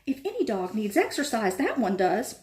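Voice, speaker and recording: A woman's voice: medium pitch, big pitch swings, normal speed, darkish tone, close to an everyday voice. A woman voicing a blunt, gloomy schoolboy. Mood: agitated.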